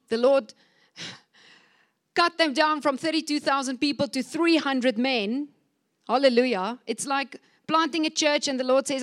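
A woman's voice: sits high, a little slow. A woman preaching a sermon in a church service, fervent and exhorting, acting out scripture quotes with a raised voice.

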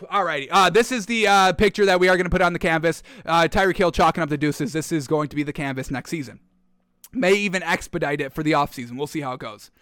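A man hosting a sports talk show, excitable, ranting and repeating himself in casual commentary. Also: fairly high pitch, fast, clean tone, dry recording, studio quality.

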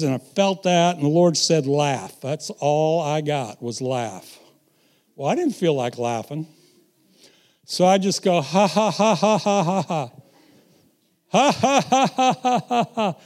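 A middle-aged man preaching a sermon, telling stories and swinging from quiet asides to loud, emphatic bursts. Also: high voice.

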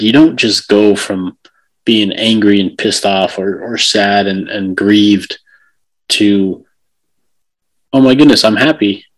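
Low, flat-voiced reflective man. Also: low-quality recording. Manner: reflective, explains ideas step by step. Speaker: podcast co-host. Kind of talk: casual conversation.

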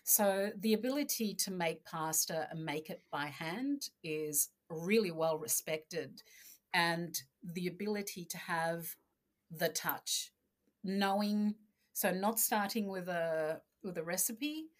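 A woman from Argentina, a podcast guest telling family stories in a casual, animated way and acting out voices. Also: fairly low pitch, takes it slowly. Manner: animated storyteller, acts out voices. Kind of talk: casual interview chat.

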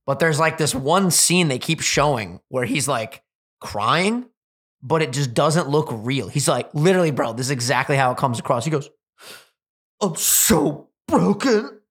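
A young man hosting a casual podcast, animated and swearing freely, acting out quotes as he tells stories. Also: mid-range voice, normal speed, husky. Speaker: podcast host.

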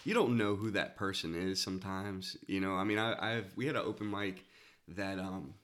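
A man in casual podcast talk, animatedly telling a comedy club story and leaping into high shouts for quoted lines. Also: normal speed. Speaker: stand-up comedian and podcast host.

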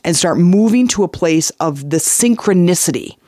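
Recorded at studio quality without echo, this man's high-sitting voice moves at a normal speed. He's a motivational podcast host and life coach who speaks earnestly, repeats his key phrases for emphasis, and acts out voices as he tells animated stories.

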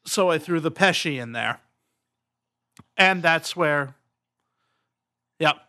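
A man's voice: a little high, expressive, slow pace, sharp tone. A man hosting a casual podcast chat and running the game, rambling and easygoing with frequent chuckles.

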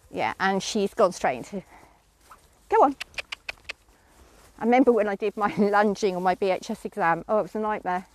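A woman's voice: medium pitch, expressive, moderate pace, long pauses, a little mellow, dry recording. A middle-aged woman chatting casually outdoors with horses, breaking off to call commands to a horse she is lunging. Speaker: horse owner vlogger.

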